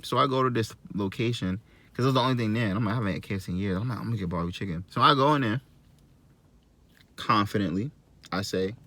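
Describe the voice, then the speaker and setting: A young man vlogging from a fast food restaurant, telling a story in a casual, joking way and acting out both sides of an argument. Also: lowish voice, bright, forceful tone, slight background noise.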